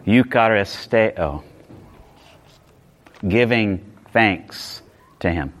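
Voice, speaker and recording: A man's voice: fairly low pitch, animated, extremely slow. Man preaching an emphatic sermon. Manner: emphatic preaching, repeats words and restarts phrases. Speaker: pastor.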